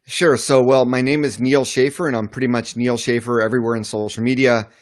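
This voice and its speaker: A man's voice: medium pitch, fairly even intonation, brisk, no room sound. Middle-aged guy guesting on a live show, confident, says you know a lot, dry sound. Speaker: guest, marketing author. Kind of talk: casual interview. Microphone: video call setup.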